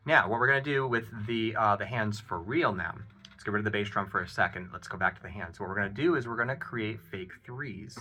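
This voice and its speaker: A man giving a casual drum lesson, counting beats aloud and explaining an exercise in a relaxed, encouraging way with plenty of ums and uhs. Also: fairly low pitch, fairly quick. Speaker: drum teacher. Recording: loud drum playing behind the voice. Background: drum kit playing.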